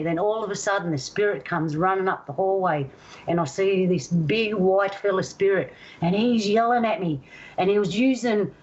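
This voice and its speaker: A woman from Australia telling a personal story in a casual, animated way, acting out the voices of the people in it. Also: mid-range voice, dull audio. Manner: animated, acts out voices in stories. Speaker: guest storyteller.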